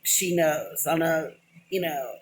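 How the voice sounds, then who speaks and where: A low-pitched woman with lively intonation speaks slowly in a casual, emotional vlog monologue to a camera held close to her face. Middle-aged and self-described as rambling, she wanders off with "but anyway" and openly mentions crying.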